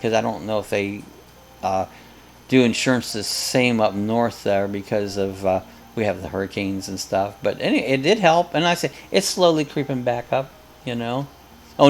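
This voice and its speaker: A gravelly-voiced man hosting a relaxed live chat, wandering from story to story with corny jokes. His voice sits at an ordinary middle pitch. A faint hiss runs under the recording. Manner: rambling, jokey storyteller. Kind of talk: casual chat.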